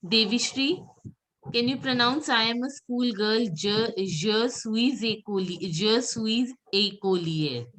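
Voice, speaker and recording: A woman's voice: a little high, takes it slowly, fairly bright tone. A woman teaching French pronunciation in an online class, patiently repeating words for her students over a video call.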